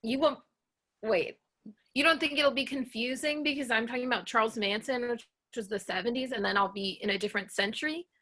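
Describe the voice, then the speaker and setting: A woman comedian doing a deadpan stand-up bit and banter, with a hesitant delivery full of ums. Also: a little high, fairly quick. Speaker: comedian guest.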